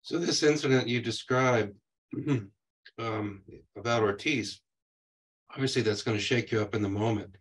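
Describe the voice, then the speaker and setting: A man's voice: medium pitch, moderate pace, husky. A man interviewing a veteran, asking careful, probing questions with some hesitation. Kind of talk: oral history interview.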